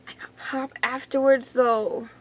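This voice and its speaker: A young woman with a high voice tells a story to the camera in a loose, rambling way. She trips over fillers and restarts, and her voice often drops to a soft, emotional near-whisper. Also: level tone, measured pace. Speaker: vlogger.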